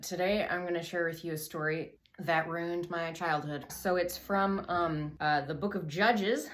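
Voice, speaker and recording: A woman's voice: on the low side, steady tone, a little slow, fairly bright tone, faint music behind. A woman hosting a comedy show, retelling a story casually and irreverently, full of swearing and filler words, a little out of breath. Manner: irreverent, profane, lots of "like" fillers. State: a bit out of breath, drinking wine. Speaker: comedy podcast host.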